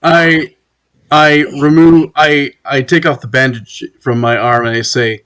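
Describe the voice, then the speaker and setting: A man's voice: medium pitch, fairly even intonation, a little slow, fairly bright tone, smooth. A man playing a tabletop game, talking casually and hesitantly with repeated words. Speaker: player.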